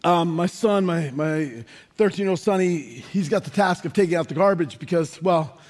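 A man in his forties preaching a sermon, telling stories with animated energy and rising to shouts for emphasis. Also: fairly high pitch, normal speed. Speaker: pastor.

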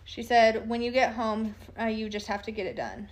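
A woman's voice: fairly high pitch, lively intonation, moderate pace. A woman telling a true crime story by reading text messages aloud, in a plain, matter-of-fact way with casual asides.

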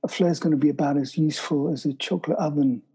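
A middle-aged man, telling a story as an interview guest, often halting and restarting his sentences. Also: on the high side, steady tone, mellow, slightly rough, poor audio. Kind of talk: storytelling in conversation.

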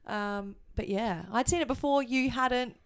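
A woman co-hosting a podcast, chatting casually with quick playful interjections and frequent laughter. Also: fairly high pitch, clean tone. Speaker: podcast co-host. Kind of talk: casual chat.

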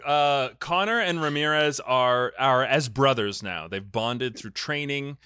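A man's voice: mid-range voice, unhurried, pushed and bright, clear, resonant tone, dry recording, studio quality. A man hosting a casual podcast chat, recapping a film plot with jokes and mock-angry rants. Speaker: podcast host explaining a film saga.

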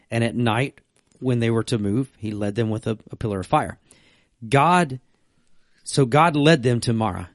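A man's voice: medium pitch, no room sound, clean studio sound. A man co-hosting a casual faith discussion, telling stories and reading scripture aloud. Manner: reads scripture aloud, acts out voices in quotes. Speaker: podcast co-host.

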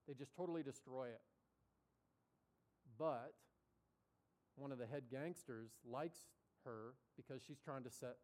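A man preaching a sermon as a story, conversational and animated, acting out the voices of the people in it. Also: medium pitch.

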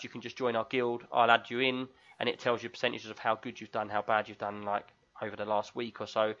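A man with a London accent hosts a podcast in easygoing, joking chat, mid-range in pitch. His voice comes through a tinny, lo-fi microphone. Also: bright, forceful tone. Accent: London English. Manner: chatty, joking, reads listener reviews aloud. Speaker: podcast host. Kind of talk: casual chat. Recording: tinny lo-fi mic.

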